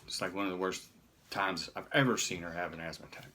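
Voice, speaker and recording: A middle-aged man telling a personal story in a halting way, often restarting his sentences. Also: on the low side, expressive, a bit bright, a little hiss or hum.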